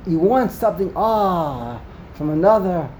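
A man's voice: high voice, expressive, a little slow, a little mellow, slight background noise. A man leading a Talmud study discussion, asking rhetorical questions and mixing in Hebrew terms. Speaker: Torah study teacher.

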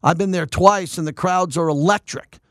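A man hosting a sports talk radio show, delivering an energetic, opinionated monologue and thinking aloud with restarts. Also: high-pitched, normal speed, no echo, studio quality.

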